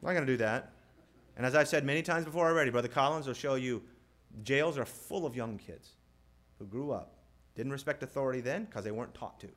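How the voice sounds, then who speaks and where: A man preaching a sermon in an animated way, asking the crowd rhetorical questions and quoting scripture. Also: medium pitch, brisk. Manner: animated, rhetorical questions, mimics family scenes. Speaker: pastor.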